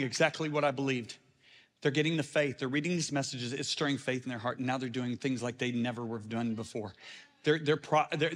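A middle-aged man preaches a storytelling sermon at an ordinary middle pitch. He drops into quiet asides and then climbs to loud, emphatic peaks. A long reverb from the big church hall trails each phrase. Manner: animated, swings from hushed to shouting.

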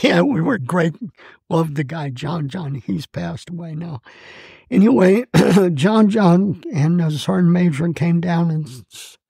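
Older man in his 80s, gravelly voice, husky, halting emotional veteran storytelling, dry close sound. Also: on the high side, dark tone, dry recording. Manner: halting and emotional, many fillers and restarts. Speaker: Marine veteran interviewee. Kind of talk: oral-history interview storytelling.

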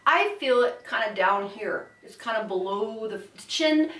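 A woman's voice: on the high side, lively intonation, measured pace. A woman voice teacher giving a vocal lesson, explaining exercises and at times talking through a straw. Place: studio room. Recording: roomy, from a distance.

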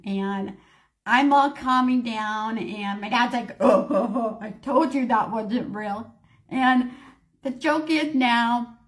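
A woman in her forties with a high voice tells a personal story in a casual vlog. She talks animatedly and acts out the panicked lines of everyone in it. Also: fairly bright tone. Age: 40s. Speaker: storyteller vlogger.

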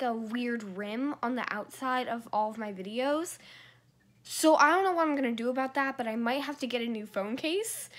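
A young woman chatting excitedly in a casual vlog, talking into her phone camera at arm's length, with many "like"s and "oh my gosh"es. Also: on the high side. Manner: bubbly and excitable, lots of "like" and "oh my gosh". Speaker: vlogger.

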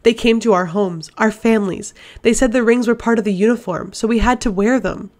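A woman's voice: on the high side, a little fast, darkish tone, pitched above the performer's own voice, close to an everyday voice. Woman reader as a tormented possessed man, audiobook, desperate and strained. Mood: pleading. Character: tormented possessed man, demon within, male.

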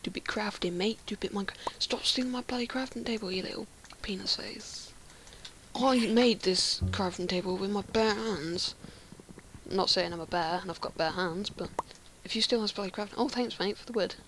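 A woman's voice: medium pitch, normal speed, slight background noise. An English woman giving casual commentary while playing Minecraft, chatty and often muttering half-whispered asides to herself. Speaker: Minecraft player.

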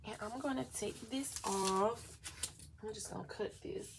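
A woman's voice: medium pitch, unhurried, gravelly, noisy background. A woman vlogger chatting casually through a planner flip-through, gushing and often saying y'all.

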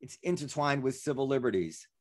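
A man's voice: mid-range voice, lively intonation, brisk, no echo, studio quality. A man hosting a casual conversation, starting his questions with hesitant restarts. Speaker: host.

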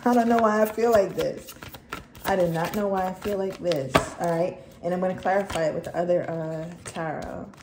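A woman's voice: fairly low pitch, fairly even intonation, moderate pace. A woman giving a casual tarot reading straight to the viewer, blunt and swearing freely as she talks. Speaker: tarot reader. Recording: echoey room with faint noise.

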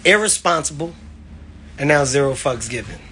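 A man, a comedian, streaming live from his home on his phone, loud and playful, swearing constantly and laughing between his lines. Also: a little high, lively intonation, moderate pace, a little hiss or hum. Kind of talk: hyped, profane live-stream rant.

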